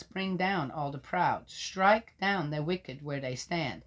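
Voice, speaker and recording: Lower-voiced woman reading scripture, arguing back. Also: animated, unhurried. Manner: interrupts herself with doubting, argumentative remarks; loud when reading, drops to mutters for asides. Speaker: scripture reader and commentator. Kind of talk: reading aloud with skeptical asides.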